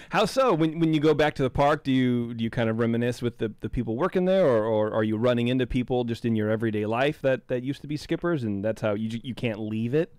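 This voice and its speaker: A man's voice: medium pitch, a little fast, a little mellow, clear, resonant tone, no echo, studio quality. A man hosting a podcast interview, talking casually and rambling, with frequent restarts and repeated words. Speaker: podcast host.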